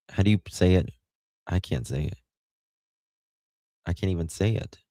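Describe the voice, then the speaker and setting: A man's voice: low voice, moderate pace, pauses often, mellow, no room sound. A man with an Appalachian accent hosting a live stream, rambling casually and greeting chat viewers by name.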